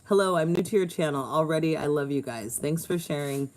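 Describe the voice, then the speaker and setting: Low-voiced woman hosting a livestream. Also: brisk, darkish tone. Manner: chatty, laughs often. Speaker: livestream co-host. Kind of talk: casual live chat, reading viewer comments. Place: outdoors at home.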